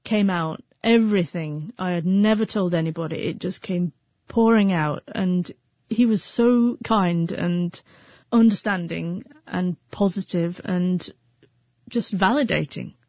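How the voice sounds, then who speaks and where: A woman's voice: fairly low pitch, measured pace, no room sound, dull audio. A woman in her thirties who stutters, with frequent repeated sounds and restarts, telling her personal story as an interview guest.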